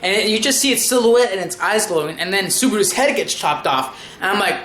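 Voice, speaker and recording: Excitable, bright-voiced anime reviewer. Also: medium pitch, a little fast, hardly any pauses, reverberant, a little hiss or hum. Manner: excitable, rambling, profane. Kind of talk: casual episode recap.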